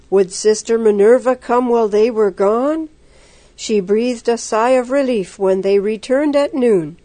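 A woman reading a story aloud as narrator, steady and expressive. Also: on the high side, dry recording.

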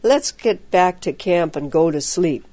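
A woman voicing a calm, confident young man who reassures and explains steadily, reading a storybook. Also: on the low side, unhurried, no room sound. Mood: explaining.

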